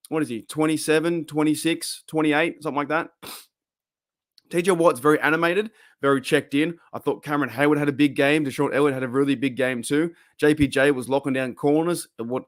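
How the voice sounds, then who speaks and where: A young Australian man hosting a live-streamed fan show, chatting excitably and rambling with many restarts. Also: mid-range voice, dry recording, clean studio sound. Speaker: fan podcast host.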